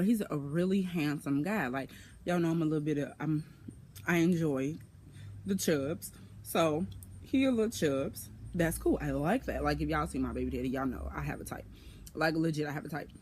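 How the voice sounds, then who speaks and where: A woman chatting casually to her viewers, telling a long personal story, swearing freely and jumping into high voices when she quotes people. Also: darkish tone, slight background noise. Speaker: vlogger.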